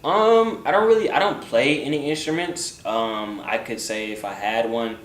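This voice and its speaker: Speaking at a normal speed with a medium pitch, a young man runs a relaxed vlog Q&A for viewers, full of jokes, frequent swearing, and mumbled trail-offs. Faint background noise sits under a roomy, distant recording.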